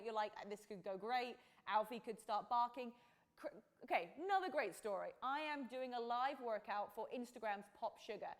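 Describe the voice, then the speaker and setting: A high-voiced woman in her thirties with an English accent softened by years abroad, part Australian, part American. She talks in a bubbly, exclaiming way and acts out little quotes as she chats on a live stream. Her voice is picked up close by a lapel mic. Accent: English mixed with Australian and American. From England. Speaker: fitness podcast host. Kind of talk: casual live-stream chat.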